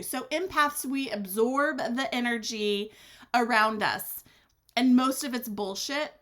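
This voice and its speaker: A woman hosting her own podcast, talking alone in a blunt, sassy way, swearing freely and swinging her pitch for drama. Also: unhurried, fairly bright tone. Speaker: podcast host. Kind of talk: candid solo podcast monologue.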